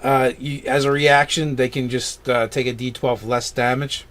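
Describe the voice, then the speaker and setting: An enthusiastic man chatting casually about tabletop games, his talk loose and full of slang. His voice sits at an ordinary middle pitch for a man. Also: level tone, normal speed, fairly bright tone. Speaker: co-host. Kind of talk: casual tabletop game chat.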